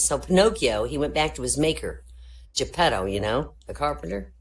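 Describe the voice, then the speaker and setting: A woman's voice: very deep voice, animated, moderate pace, low-quality recording. A woman comedian telling a string of jokes at an online comedy show, switching into character voices.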